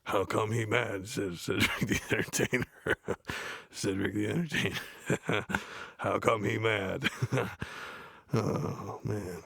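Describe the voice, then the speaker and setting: A gravelly, deep-voiced metal frontman. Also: slow, long pauses, no echo, clean studio sound, full character voice. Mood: grumbling. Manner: deadpan, grumbling, mocking the text. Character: gruff adult male metal frontman, blunt, easily bored. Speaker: reader of a play. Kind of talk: comedic read-aloud with running complaints.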